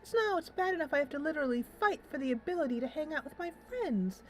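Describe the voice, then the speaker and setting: A woman's voice: low voice, lively intonation, normal speed, a little mellow, a little hiss or hum, voice pushed down, rough recording. A woman voicing a frustrated teenage girl student who rants about school. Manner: exasperated, ranting.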